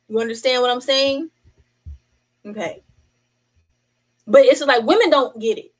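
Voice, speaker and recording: A woman's voice: high voice, a little slow, long pauses, rough recording. A young woman, talking to camera in a casual vlog and hammering her points home with repetition. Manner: animated, emphatic, repeats points to drive them home. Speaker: vlogger.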